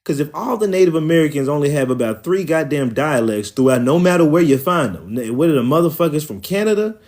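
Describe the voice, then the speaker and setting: A man's voice: on the high side, expressive, fast, a little mellow. Rambling Oklahoma-accented man. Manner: rambling, profane, loose and conversational. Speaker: livestream host. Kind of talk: casual livestream chat.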